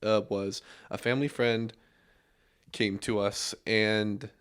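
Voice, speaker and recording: A young man hosting a casual podcast, telling stories in a relaxed way with lots of fillers and restarts. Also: fairly low pitch, takes it slowly, smooth.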